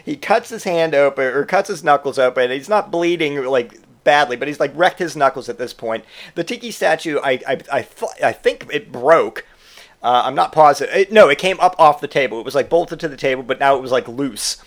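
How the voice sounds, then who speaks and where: Animated young man telling a story. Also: fairly high pitch, a little fast. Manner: animated, swears freely, acts out quoted voices. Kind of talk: casual comic storytelling.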